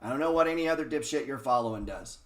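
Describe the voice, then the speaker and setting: A man's voice: mid-range voice, lively intonation, fast. A man giving a casual, blunt market lesson over a screen share, swearing often and firing rhetorical questions at viewers. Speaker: trading educator. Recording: roomy echo.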